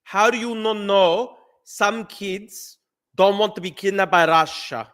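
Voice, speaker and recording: A man's voice: sits high, a bit bright, pitched above the performer's own voice. A man doing a mocking accented politician. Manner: mocking impression, slow and exaggerated.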